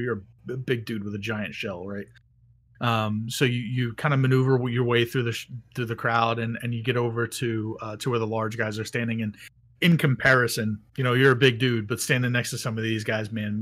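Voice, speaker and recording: A man's voice: mid-range voice, fairly bright tone. A man narrating casually as game master, rambling with lots of fillers and restarts.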